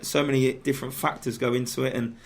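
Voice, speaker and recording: A man, a footballer guest in a radio studio, chatting casually and haltingly with many restarts and fillers. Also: medium pitch, little pitch movement. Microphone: studio microphone.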